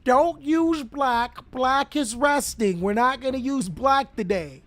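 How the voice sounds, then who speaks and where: A man putting on a strict woman art teacher who calmly repeats her rules in a scolding tone. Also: very high voice, slow pace, pitched above the performer's own voice.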